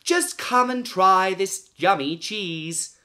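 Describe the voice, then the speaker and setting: A woman voicing a greedy, excitable young girl who is always hungry, gushing and wailing in a high, loud voice. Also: slow pace. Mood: delighted.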